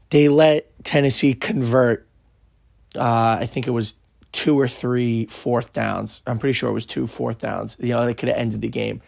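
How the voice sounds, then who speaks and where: A man hosting a podcast, excitedly recounting a football game in casual, swearing speech full of fillers, his voice worn from shouting. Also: mid-range voice, creaky, no echo, studio quality. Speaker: podcast host. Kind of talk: casual storytelling.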